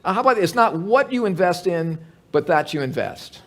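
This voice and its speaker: A man's voice: high-pitched, lively intonation, brisk. A man preaching a sermon as pastor at an evening church service, conversational and joking, full of rhetorical questions.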